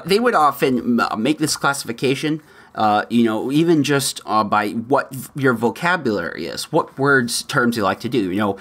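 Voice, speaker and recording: A man's voice: lowish voice, fairly bright tone. A man hosting a solo podcast, chatting through news items with frequent laughs and offhand asides. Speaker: podcast host.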